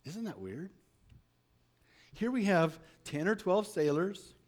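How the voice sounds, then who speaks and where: A man's voice: high-pitched, sing-song, slow pace. A man preaching a sermon, reading a Bible story aloud and asking his listeners rhetorical questions.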